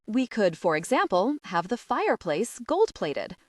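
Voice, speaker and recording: A woman voicing a calm, dry-witted male architect who speaks politely and deadpan. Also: mid-range voice, measured pace, no echo, far from the mic.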